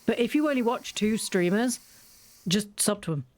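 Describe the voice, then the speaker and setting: A woman's voice: mid-range voice, lively intonation, moderate pace, a little mellow. A woman streamer chatting casually and rambling while she plays a game, often poking fun at herself and giggling. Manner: rambling, self-mocking, giggly. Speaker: gaming streamer. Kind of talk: casual let's-play chat.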